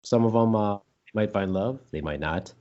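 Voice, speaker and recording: A man's voice: on the low side, normal speed, dark tone, highs cut off. A man co-hosting a casual podcast chat, rambling and joking, now and then repeating silly words in put-on voices. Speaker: podcast co-host.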